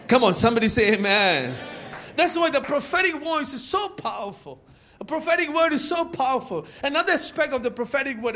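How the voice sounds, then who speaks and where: A pastor with a very high voice preaches to his church, lurching between loud shouts and quiet asides. His sermon is full of fillers and restarts.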